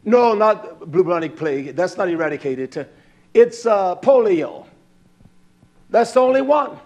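A man preaching with fire, cursing and swinging from shouts to hushed asides. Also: high-pitched, expressive, unhurried. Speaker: religious teacher. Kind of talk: impassioned preaching.

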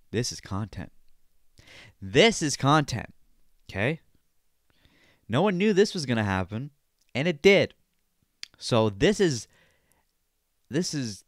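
A man's voice: mid-range voice, dry recording, clean studio sound. A man hosting a podcast, ranting with exasperated, profane commentary about a video and mocking the people in it. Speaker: podcast host.

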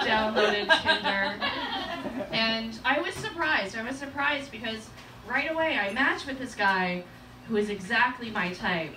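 A woman stand-up comedian telling a story in an animated, self-deprecating way, full of quick asides. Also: fairly high pitch, crowd noise. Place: comedy club stage. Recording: echoey club, distant mic, noisy.

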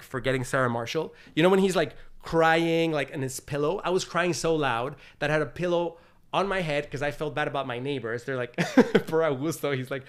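A man's voice: a little high, clean tone. A man being interviewed as a guest, telling a personal story in a loose, casual way full of "like" and "you know.". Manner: acts out his own past thoughts in quotes. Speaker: interview guest, TV host and producer.

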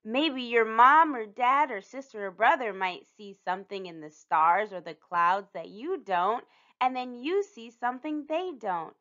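Woman storytime reader, slow and animated, bright tone, lo-fi sound. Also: fairly high pitch. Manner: animated, playful sound effects. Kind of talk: read-aloud children's storytime.

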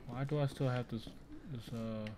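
A man's voice: mid-range voice, fairly even intonation, moderate pace, noisy background. A man muttering profane, frustrated commentary as he plays a game, with sudden startled outbursts. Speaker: gameplay streamer. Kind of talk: live gameplay commentary. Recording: game music loud behind the voice.

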